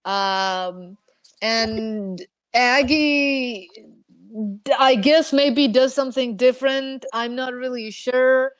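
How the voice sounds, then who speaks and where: A woman running a tabletop game as game master, talking in a hesitant, halting way with many fillers. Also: on the high side, fairly even intonation, no echo. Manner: hesitant, many ums and likes.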